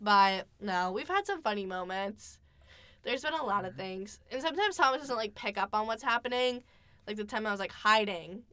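A woman's voice: medium pitch, moderate pace, no room sound. A young woman hosting a podcast, telling stories in casual chat and acting out quotes with lots of filler words. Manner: animated storytelling, acts out quotes, many fillers. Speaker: podcast host.

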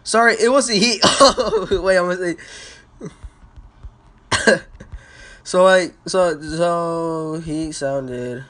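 Recorded on a phone with no real mic, this young podcast host has a mid-range voice, drawn-out words and frequent pauses. His casual rant rambles, gets excitable and profane, and retells stories complete with quotes.

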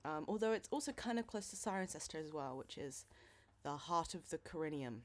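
A woman's voice: low-pitched, lively intonation, a little fast. A young adult woman from England co-hosting a podcast in casual, rambling chat full of fillers. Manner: chatty, rambling with many fillers. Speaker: podcast co-host.

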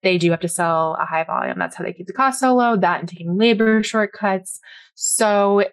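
A woman's voice: mid-range voice, normal speed. A woman co-hosting a podcast, talking casually with an exasperated, opinionated edge. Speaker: podcast co-host.

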